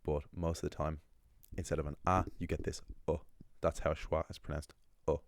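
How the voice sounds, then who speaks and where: An Irish man teaching a language lesson in a relaxed, thinking-aloud way, with ums and quick self-corrections. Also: a bass voice, dry recording, studio quality. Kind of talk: casual explainer lesson.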